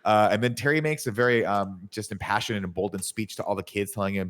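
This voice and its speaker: A man with a somewhat low voice, co-hosting a studio podcast. He retells a film's plot with animated, profane energy in casual chat. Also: fast, hardly any pauses, a little hiss or hum. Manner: animated, profane storytelling with acted-out quotes. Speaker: podcast co-host. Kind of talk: casual movie recap.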